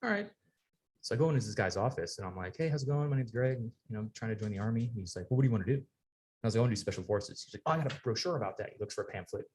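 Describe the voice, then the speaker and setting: A man in his forties, a guest in a podcast studio, telling an animated, profane story and acting out the people in it. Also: fairly low pitch, racing, a little hiss or hum. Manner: animated storyteller, acts out quoted people, swears freely. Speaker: podcast guest, retired Navy sailor. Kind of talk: casual storytelling interview.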